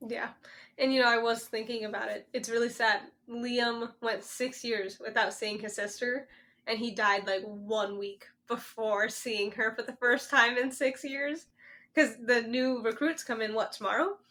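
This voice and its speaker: A woman's voice: on the high side, steady tone, sharp tone. A young woman co-hosting a podcast, chatting casually and emphatically about a book. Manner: emphatic, quick to agree. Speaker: podcast co-host.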